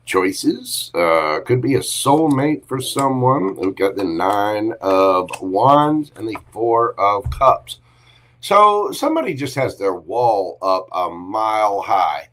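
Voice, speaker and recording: A man with a fairly low voice reads tarot cards on a casual livestream. He talks in a chatty, affectionate way and calls his viewers by pet names. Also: big pitch swings, slow, a bit bright. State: briefly coughing and choked up. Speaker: tarot reader hosting a livestream.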